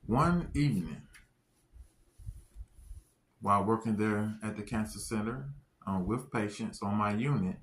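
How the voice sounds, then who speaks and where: Slow, deliberate man giving testimony. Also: on the low side. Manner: slow, deliberate, earnest, stresses key phrases. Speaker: testimony speaker. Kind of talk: religious testimony.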